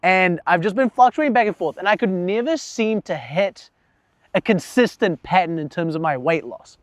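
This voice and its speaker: A man's voice: high-pitched, animated, normal speed, no echo, clean studio sound. A young man talking candidly about himself in a casual, profane vlog monologue, laughing at himself now and then. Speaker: vlogger.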